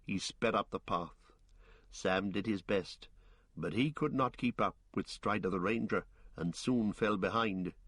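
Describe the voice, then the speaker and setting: A man narrating an audiobook in a measured, deliberate way. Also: on the low side, fairly bright tone, no room sound. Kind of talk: audiobook reading.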